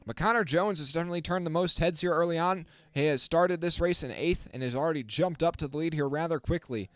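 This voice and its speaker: A man giving casual live-stream race commentary as the channel host, chatting with his viewers and getting excited on the restarts. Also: a little high, fast, no echo. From not from the South. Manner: self-correcting, talks to the chat.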